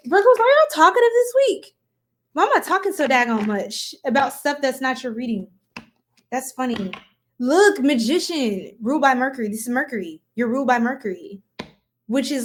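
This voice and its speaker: A woman's voice: high voice, slight background noise. Giggly chatty woman tarot reader. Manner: chatty, giggly, goofing off with viewers; casual, talks to viewers as y'all. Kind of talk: live-stream tarot reading.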